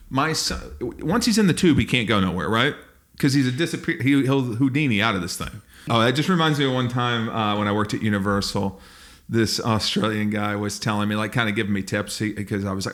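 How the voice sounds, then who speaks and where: A man's voice: fairly low pitch, brisk, a bit bright. A man co-hosting a comedy podcast, telling stories in casual chat and acting out bits of dialogue. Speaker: podcast co-host.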